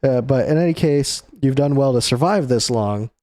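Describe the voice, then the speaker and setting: A man's voice: mid-range voice, normal speed, darkish tone, dry recording, close to an everyday voice. A man reading as cold elder rulers. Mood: calculating.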